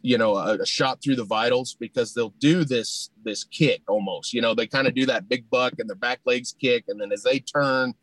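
A man telling a long humorous hunting story in a folksy, animated way, full of "you know" fillers. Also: medium pitch, normal speed, hardly any pauses, no room sound, low-quality recording. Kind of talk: casual storytelling.

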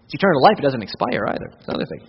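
A male pastor, preaching an animated sermon that moves between loud emphasis and hushed intensity. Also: medium pitch, very fast, husky. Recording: dull audio with long hall reverb.

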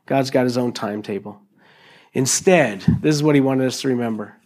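A middle-aged man preaching a sermon in an animated, jokey way, acting out little voices as he goes. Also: medium pitch, a little fast. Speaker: pastor.

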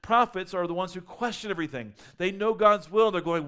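A male pastor delivering a sermon in a fairly high voice. He speaks earnestly, doubling back on words and restarting phrases as he builds his points. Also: a little fast, fairly bright tone, smooth.

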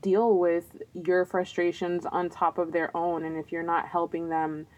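A woman's voice: on the low side, level tone, unhurried, a little mellow, muffled recording. A young woman co-hosting a casual podcast, candid and a little self-conscious, laughing often. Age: young adult. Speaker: podcast co-host. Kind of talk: casual chat.

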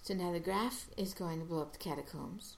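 A woman casually recapping a TV episode, halting with restarts and briefly acting out the characters' lines. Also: on the low side, gravelly, slight background noise.

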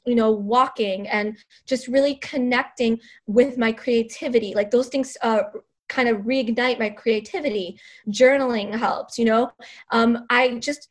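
A woman teacher and coach speaks as a podcast guest in a high voice. She sounds earnest and encouraging. She often backs up to restart a phrase as she talks. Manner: earnest, encouraging, self-correcting. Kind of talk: casual interview chat.

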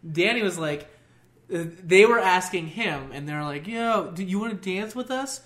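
A man's voice: high-pitched, normal speed. A young man casually telling a long story, swearing and laughing a lot. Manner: profane, laughs often, animated.

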